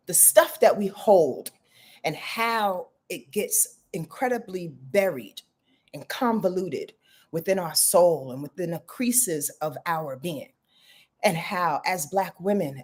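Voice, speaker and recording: A woman's voice: fairly low pitch, breathy edge. A middle-aged woman astrologer talking frankly in a casual confessional vlog, rambling and swearing freely.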